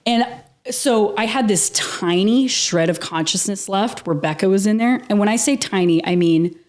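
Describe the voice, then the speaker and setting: A woman guest on a podcast interview, telling a personal story in a lively, casual way, laughing often and swearing freely. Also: medium pitch, normal speed.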